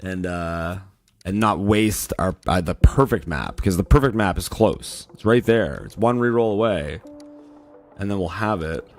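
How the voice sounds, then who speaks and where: A man who has just woken up, with a raspy voice, chatting casually on a livestream, greeting viewers and rambling with lots of fillers. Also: low voice, unhurried, faint music behind. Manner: loose and rambling, many "like" fillers, greets chat by name. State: just woke up, yawning. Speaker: streamer.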